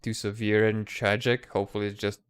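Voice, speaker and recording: A comics creator who lives outside the United States chats casually in a live stream, laid-back, laughing often and swearing freely. His fairly low voice has little pitch movement and sounds brisk, clear and resonant.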